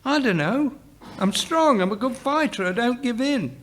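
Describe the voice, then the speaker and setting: An earnest young man about to turn eighteen blurts out that he wants to fight, his voice pushed high and insistent. A male reader puts him on with a raised, eager pitch. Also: lively intonation, normal speed, a bit bright, slight background noise.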